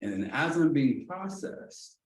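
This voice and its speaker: An executive director leading a training tells a personal story in a casual, animated way, acting out what the people in it said and often asking "you know what I'm saying." His voice is fairly high and his pace measured. The distant mic picks up a roomy echo and faint noise.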